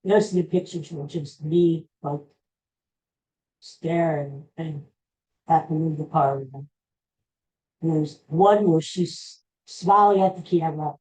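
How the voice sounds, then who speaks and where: A man slowly retelling a personal story in a rambling, halting way, with frequent restarts. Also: fairly high pitch, fairly even intonation, a little mellow, poor audio.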